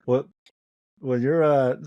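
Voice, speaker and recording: A man's voice: mid-range voice, fairly even intonation, takes it slowly, dry recording, dull audio. A man from upstate New York co-hosting a running podcast, chatting casually and mocking himself. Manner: joking, self-mocking. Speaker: podcast co-host. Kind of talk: casual chat.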